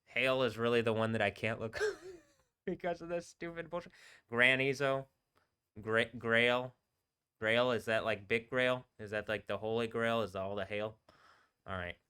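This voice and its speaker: Bright, crisp-voiced rambling man. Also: medium pitch, steady tone. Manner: rambling, halting, trails off and restarts words. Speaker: live streamer. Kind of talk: casual rambling livestream talk.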